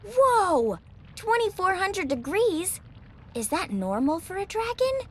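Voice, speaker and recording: Woman voicing a brave, cheerful little girl for a storybook, high and bouncy, kindly bossy. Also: big pitch swings, measured pace, heavily acted. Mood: eager. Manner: bright, eager, bossy-kind. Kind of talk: storybook character voice.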